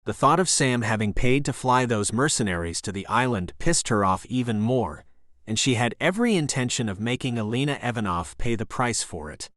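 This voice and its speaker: Steady male audiobook narrator, dry sound. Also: mid-range voice, brisk, no room sound. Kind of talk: scripted thriller narration.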